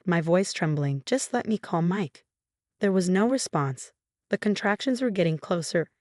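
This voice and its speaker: A woman with a lower voice telling a dramatic first-person story with emotional emphasis. The sound is close and dry, like a studio voice-over. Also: dry recording. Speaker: story narrator.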